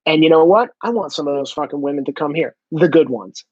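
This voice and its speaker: A man's voice: fairly high pitch, fast talker, husky, no room sound, muffled recording. A man vlogging in a casual monologue, ranting with lots of swearing. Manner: profane, animated ranting.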